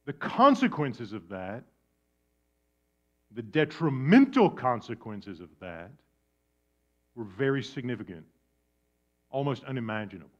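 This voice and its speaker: A man preaching a sermon with dramatic swings from loud emphasis down to a hushed near-whisper. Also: mid-range voice, sing-song, measured pace, long pauses. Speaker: pastor. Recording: dull lo-fi sound.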